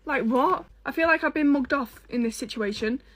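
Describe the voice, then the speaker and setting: A young woman with a British accent tells a storytime straight to her viewers. Her voice sits fairly high, and she talks with sass, swearing and dramatic asides. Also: normal speed, fairly bright tone. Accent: British English. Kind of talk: casual storytime.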